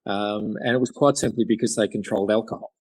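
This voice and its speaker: A man's voice: on the low side, steady tone, fast talker, a little mellow, breathy edge, dry recording. A middle-aged Australian man telling stories in a podcast interview, rambling with many fillers and restarts. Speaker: guest chairmaker.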